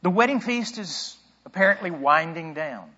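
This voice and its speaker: A pastor preaching a sermon in a conversational way, asking rhetorical questions and thinking aloud. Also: male voice, high-pitched, animated, normal speed, sharp tone, big-room sound, highs cut off.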